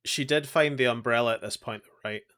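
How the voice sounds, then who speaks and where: A man's voice: mid-range voice, brisk, a bit bright, clear, resonant tone. A man co-hosting a podcast, casually recapping an anime with sarcastic jokes and frequent laughs. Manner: joking, sarcastic, laughs often. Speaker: podcast co-host.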